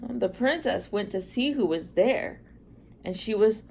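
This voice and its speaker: Woman reading a storybook slow, lots of ups and downs, chatty asides. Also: medium pitch, animated, gravelly, warm tone, husky.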